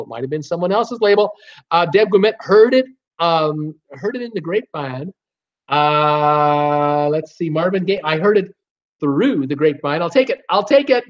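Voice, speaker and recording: A man hosting a live trivia stream, reading out viewers' guesses with many fillers and half-singing song titles. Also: fairly high pitch. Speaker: live trivia show host. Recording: dull lo-fi stream audio.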